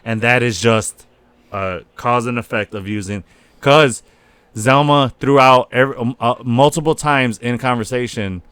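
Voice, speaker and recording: A man co-hosting a podcast in casual chat, talking in an animated, profane way and acting out scenes in quoted voices. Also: medium pitch, measured pace, clear, resonant tone, no echo. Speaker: podcast co-host.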